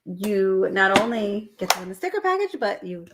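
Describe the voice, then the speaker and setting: A woman's voice: mid-range voice, sing-song, normal speed, very noisy. A woman co-hosting a casual live stream, chatting and reading out lists of viewer guesses. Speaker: livestream co-host.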